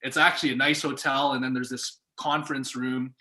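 A young man telling a story in casual conversation, lively and acting out what people said. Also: medium pitch, fairly quick. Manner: animated, acts out quoted voices. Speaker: guest. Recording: echoey room.

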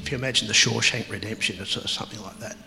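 A man telling his life story as an interview guest, halting and reflective, with many pauses and fillers. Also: on the low side, fairly even intonation, creaky, pushed and bright, long reverb tail, soft background music, rough recording. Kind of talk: personal testimony in an interview.

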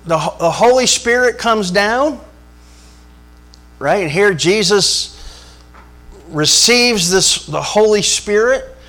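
Animated preacher man, higher voice. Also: slow, pauses often. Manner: animated, rhetorical questions to the congregation. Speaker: pastor. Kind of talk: sermon.

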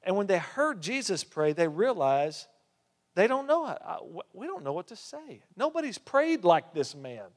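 A male preacher delivers a sermon in a fairly high voice. He swings between emphatic, rising passages and hushed drops. His voice carries a long reverb, as in a large church hall. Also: big pitch swings, moderate pace. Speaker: pastor.

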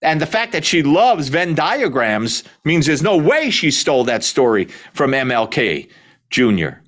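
A man's voice: a little high, big pitch swings, measured pace, fairly bright tone. A male talk radio host speaking in a raised voice that swoops up and down all the time. He sounds sarcastic and incredulous and keeps exclaiming as he runs through his monologue.

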